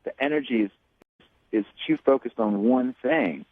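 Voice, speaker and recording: A man calling in to a radio show, talking haltingly with many restarts. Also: medium pitch, breathy edge, dry recording, narrow, tinny audio. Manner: halting, hesitant, lots of restarts. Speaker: caller. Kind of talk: casual radio phone call.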